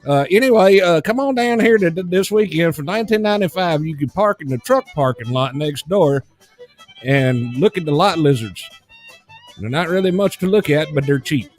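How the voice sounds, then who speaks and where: A man's voice: animated, moderate pace, soft background music, natural voice. A man putting on a brash redneck boat salesman. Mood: hard-sell. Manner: loud hard-sell pitch, profane.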